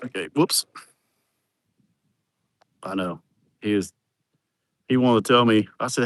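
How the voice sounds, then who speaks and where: A man's voice: mid-range voice, animated, moderate pace, pauses often, dry recording, clean studio sound. A man, giving a crude, joking, rambling livestream tour of his farm, outdoors on a phone camera. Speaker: vlogger showing his farm. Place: outdoors on rural farmland.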